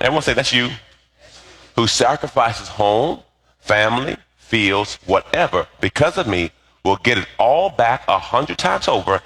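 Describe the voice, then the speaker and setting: Animated, lively-voiced male preacher. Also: lowish voice. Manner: animated storytelling with call-and-response to the congregation. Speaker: pastor. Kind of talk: sermon.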